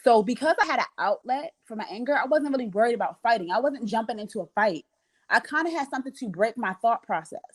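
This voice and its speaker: A young woman with a slightly high voice tells a story in a relaxed conversation. She is animated, acting out what other people said. Her delivery is lively and expressive. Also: fast, low-quality recording. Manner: animated, acts out quoted voices. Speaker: podcast host. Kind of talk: casual storytelling chat.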